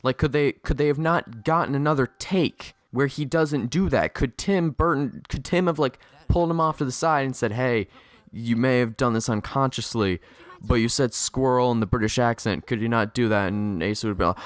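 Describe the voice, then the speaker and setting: A man's voice: mid-range voice, moderate pace, dry recording. A young man reviewing a movie in a sarcastic, exasperated rant, swearing often. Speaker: video reviewer.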